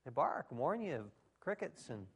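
Animated man preaching a sermon. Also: mid-range voice, moderate pace, creaky, breathy edge. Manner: animated, folksy preaching with shouted exclamations and acted-out asides. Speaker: pastor.

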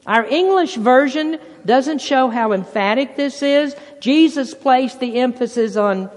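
A preacher in full sermon, pressing points hard and then dropping to a near hush before rising again. Scripture quotes are worked into the flow and given voices of their own. The sound rings with the long tail of a big hall. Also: mid-range voice, lively intonation, moderate pace, few pauses. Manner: emphatic, swinging between loud bursts and hushed passages.

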